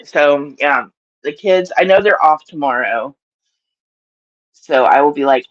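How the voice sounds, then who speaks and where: A woman's voice: low voice, lively intonation, unhurried, pauses often, highs cut off. A woman with a Southern US accent chatting casually to her live-stream audience, rambling and laughing often.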